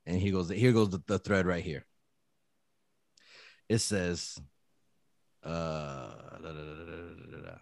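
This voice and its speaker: A man's voice: low-pitched, fairly even intonation, unhurried, long pauses, darkish tone, dry recording, studio quality. Young man reading texts, laughing. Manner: laughing while reading, swears freely. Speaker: podcast host. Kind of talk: casual chat, reading a text thread aloud.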